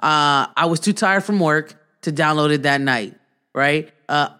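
Male podcast host, slightly high voice, rambling and jokey, trips over his words. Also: unhurried, bright, forceful tone, smooth. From Iran. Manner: rambling, joking, fumbling for words. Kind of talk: casual chat.

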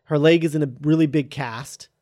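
A man casually retelling a film script as a podcast host, halting with lots of ums and uhs. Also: on the high side, no echo, clean studio sound. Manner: halting, full of ums and uhs, reads quoted lines flatly. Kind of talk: casual chat.

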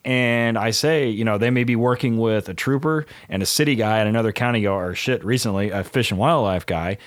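A man's voice: fairly low pitch, a little fast, no room sound, clean studio sound. A man hosting a podcast and training police dog handlers, talking bluntly and laughing often as he makes his points. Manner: laughing, blunt and animated when making a point. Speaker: podcast host and canine trainer. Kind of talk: casual podcast chat.

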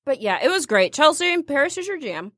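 Bright, lively American woman telling stories. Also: sits high, fairly quick, no echo, clean studio sound. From United States. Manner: animated storyteller, acts out quotes, laughs often. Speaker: radio show co-host. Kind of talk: casual chat.

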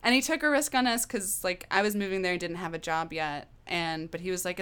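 A woman in her thirties tells a personal story in a relaxed, open way, dropping casual swear words. Her voice is fairly low and sounds smooth and clean. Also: brisk, few pauses. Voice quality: candid, animated, swears casually. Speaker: guest.

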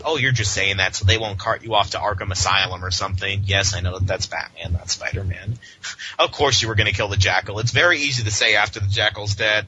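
A man's voice: fairly low pitch, fast talker. A man co-hosting a podcast, ranting sarcastically and mockingly in a casual comic book discussion. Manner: sarcastic, mocking, animated rants. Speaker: podcast co-host. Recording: dull lo-fi with faint hiss.

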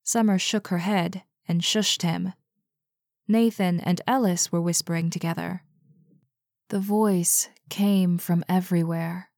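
A woman narrating an audiobook in a measured, even reading. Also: lowish voice, creaky, no room sound, clean studio sound. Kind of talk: scripted narration.

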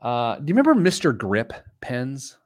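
A man's voice: medium pitch, wildly swooping pitch, moderate pace, no echo, clean studio sound. A middle-aged man hosting a podcast in a casual, playful chat, laughing often. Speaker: podcast host.

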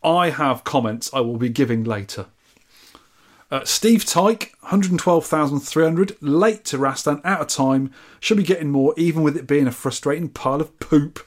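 A man's voice: on the high side, normal speed, few pauses. A man co-hosting a podcast, reading out listener scores and comments in a jokey, bantering way. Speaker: podcast co-host.

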